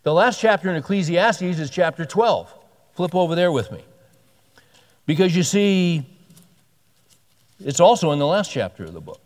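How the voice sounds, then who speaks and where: A man preaching in an earnest, conversational style, his voice a touch higher than most men's. He often repeats and restarts his phrases as he explains a point. The sound carries a long reverb, as if in a large church. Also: sing-song, moderate pace, pauses often. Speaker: pastor. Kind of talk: sermon.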